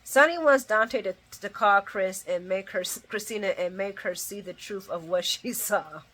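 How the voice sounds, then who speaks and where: A woman's voice: mid-range voice, moderate pace, a bit bright. A woman hosting a casual soap opera recap, talking animatedly, laughing and acting out the characters' lines with slang. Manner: uses casual slang and swearing.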